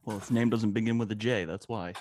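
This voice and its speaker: A man co-hosting a casual podcast who tells short anecdotes in a low-key, dry way. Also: fairly even intonation, a little fast, darkish tone, a little hiss or hum. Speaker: podcast co-host.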